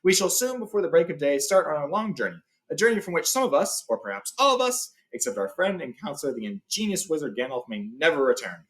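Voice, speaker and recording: A man's voice: on the high side, very animated, fast talker, few pauses, fairly bright tone, poor audio. A man reading as a stately dwarf leader. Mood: solemn. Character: proud, formal dwarf leader, male.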